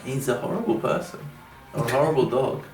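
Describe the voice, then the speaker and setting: Laid-back young guy, roomy sound. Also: medium pitch. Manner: laid-back, quick to laugh, swears casually. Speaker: podcast co-host. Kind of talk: casual chat. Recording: roomy, distant mic, faint music.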